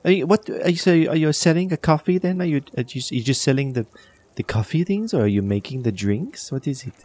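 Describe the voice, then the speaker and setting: A man's voice: fairly high pitch, lively intonation, a little fast, a little mellow, pitched above the performer's own voice. A man voicing a fussy, over-polite townswoman who rambles and stumbles over her words. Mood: fussy chatty. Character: chatty fussy woman of the town.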